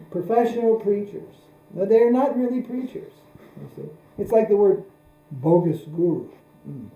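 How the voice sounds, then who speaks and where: Male spiritual teacher, very dark mellow tone, roomy echo, unhurried delivery. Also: fairly high pitch, creaky. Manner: unhurried, repeats phrases for emphasis. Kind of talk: spoken religious discourse.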